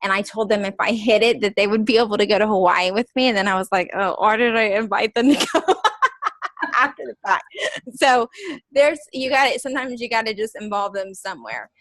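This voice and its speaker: An energetic woman giving a pep talk on a coaching call, with a middle-range voice. She is playful and emphatic and pushes her listeners hard. The sound is dry and close. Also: medium pitch, fast talker, no echo. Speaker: call host.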